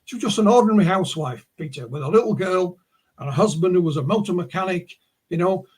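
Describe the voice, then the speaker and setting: A man's voice: sits high, lively intonation, fast talker, darkish tone, breathy edge. A man with a Yorkshire accent, a guest on a video call, telling stories in a rambling way with many restarts. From Yorkshire, England. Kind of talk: casual conversation, storytelling.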